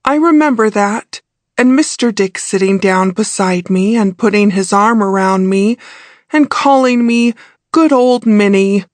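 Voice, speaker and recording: A woman narrating a classic mystery audiobook in the first person, with a measured storytelling delivery. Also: mid-range voice, dry recording.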